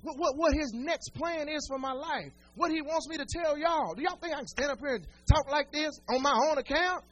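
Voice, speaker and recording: A man with a strikingly high voice preaches a sermon to his congregation. He mixes homely humor with repeated, building phrases and calls out to the church directly. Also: brisk, a bit bright. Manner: folksy humor and stories. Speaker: pastor.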